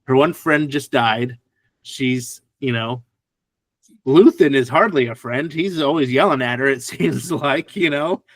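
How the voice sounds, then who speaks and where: Relaxed man with a dry close sound. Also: mid-range voice, measured pace, no room sound. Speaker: podcast co-host. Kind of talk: casual chat.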